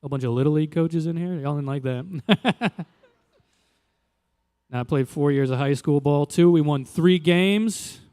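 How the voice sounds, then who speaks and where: A young adult man from Louisiana doing a stand-up comedy set in a loose, conversational way, jumping into animated quoted voices. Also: a little high, measured pace, clear, resonant tone, in a large hall. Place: live comedy venue.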